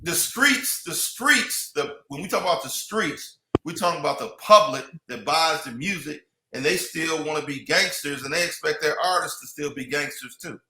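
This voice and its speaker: A man's voice: a little high, animated, moderate pace, hardly any pauses, reverberant, low-quality recording. A man in casual podcast chat, rambling with many restarts and "you know what I mean".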